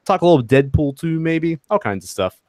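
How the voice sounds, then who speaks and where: A man's voice: on the high side, very animated, brisk, a little mellow, no echo, clean studio sound. A man hosting a casual podcast chat in an upbeat, teasing way, steering the conversation. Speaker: podcast host.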